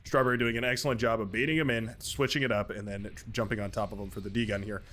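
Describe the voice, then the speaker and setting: A man's voice: lowish voice, fairly even intonation, quick pace, fairly bright tone, slight background noise. A man hosting his gaming channel, casually commentating a strategy game match, chatty and upbeat, sometimes tripping over names and laughing. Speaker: gaming channel host and caster.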